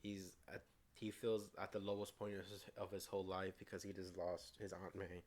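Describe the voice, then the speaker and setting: Guy gushing about a movie he just saw, lots of false starts, kinda low voice. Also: little pitch movement, normal speed, darkish tone, a little hiss or hum. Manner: eager, retells scenes with acted-out quotes; frequent restarts and stumbles. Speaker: co-host of a movie review show. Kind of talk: casual movie review chat.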